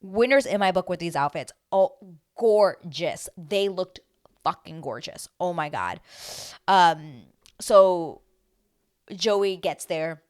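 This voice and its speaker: A woman hosting a reality TV recap, talking casually to a camera she filmed herself with, animated and swearing freely. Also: fairly low pitch, slow. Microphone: self-filmed camera.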